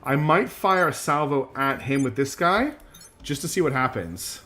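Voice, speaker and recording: A man's voice: fairly high pitch, expressive, normal speed, sharp tone. A man streaming a strategy game, chatty and self-deprecating, thinking aloud as he plays. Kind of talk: live gameplay commentary.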